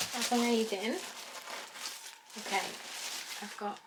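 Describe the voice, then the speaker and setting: A woman in her thirties, a vlogger opening a mystery box on her bed, gushing with excitement and often dropping to a whisper. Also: a little high, unhurried, pauses often. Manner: excitable, gushing, drops to whispers while handling items. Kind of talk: unboxing vlog. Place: bedroom. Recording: loud crinkling paper noise.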